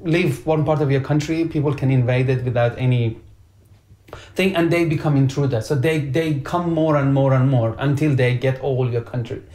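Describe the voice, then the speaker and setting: A man's voice: medium pitch, mellow. A man co-hosting a casual parenting chat, reasoning aloud and repeating words as he talks. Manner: halting, repeats words while reasoning things out. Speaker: podcast co-host. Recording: echoey room.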